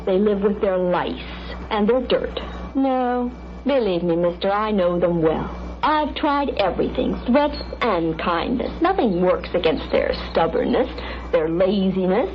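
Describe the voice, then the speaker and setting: An actress playing a scornful, bigoted social worker in an old educational film, speaking in clipped, contemptuous, lecturing tones. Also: female voice, mid-range voice, expressive, measured pace, lightly acted. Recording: dull old film soundtrack with hiss.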